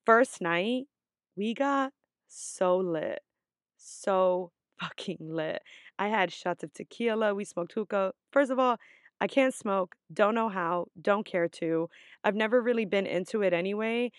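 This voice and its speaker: A woman's voice: mid-range voice, normal speed, no echo. Young woman, casual vlog storytelling, swears a lot, filler-heavy chat, dry close sound. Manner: profane, chatty, full of "like" fillers. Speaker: vlogger.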